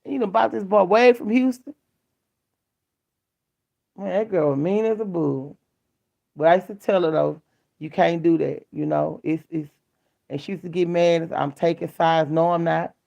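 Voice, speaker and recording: A woman's voice: low voice, normal speed, creaky, mellow. A middle-aged woman vlogging in a casual chat, telling stories bluntly and candidly in colloquial speech. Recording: dull lo-fi sound.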